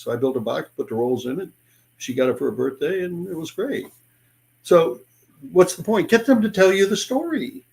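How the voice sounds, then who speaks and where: His voice sits on the high side with some vocal fry, moving at a moderate pace. This older sales speaker and author is an animated interview guest, telling stories and performing sales conversations in shifting voices.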